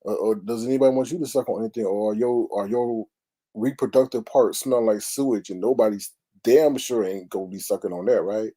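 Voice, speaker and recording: A man's voice: on the low side, a little fast, mellow. A man hosting a casual gossip commentary show, talking in a sassy, exclamatory way with dramatic asides. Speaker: commentary channel host.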